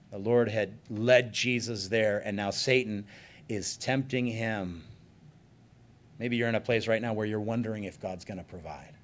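Man preaching with quiet asides and loud bursts. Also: mid-range voice. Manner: conversational preaching with joking asides; swings from quiet, soft remarks to loud emphatic bursts. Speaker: pastor. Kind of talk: sermon.

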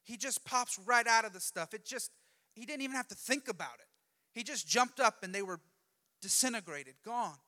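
A lively preacher tells a sermon story in a conversational, jokey way at a moderate pace. His high, bright, forceful voice rings out with a long hall reverb behind it.

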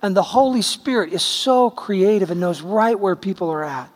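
A man's voice: sits high, expressive, moderate pace, in a large hall. A man preaching a sermon, telling stories with acted-out quotes in a conversational, emphatic way. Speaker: pastor.

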